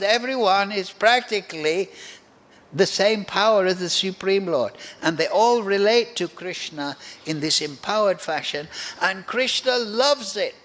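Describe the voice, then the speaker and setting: A man giving a devotional scripture class, speaking in a slow, deliberate and reflective way. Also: high-pitched, a bit bright. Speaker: spiritual teacher.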